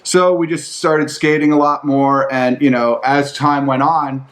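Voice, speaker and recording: Man, medium pitch, casual storytelling, profane, rambling, lots of fillers. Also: steady tone, measured pace. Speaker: storyteller recounting skate trips.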